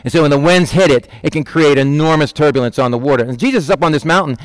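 A middle-aged pastor preaching with a conversational, animated delivery. His voice sits a touch higher than most men's. The recording is dry and close, with almost no room sound. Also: quick pace, no room sound. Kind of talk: sermon.

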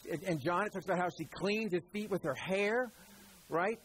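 A man preaching a conversational sermon, asking the congregation questions and acting out voices in quick asides. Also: high-pitched, rough recording. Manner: acts out voices in quotes. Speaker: pastor.

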